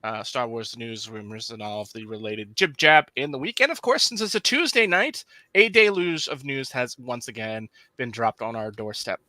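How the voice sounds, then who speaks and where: A man's voice: medium pitch, normal speed, pushed and bright, no echo. A man hosting a podcast, chatting casually and reading channel promos with upbeat asides. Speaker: podcast host.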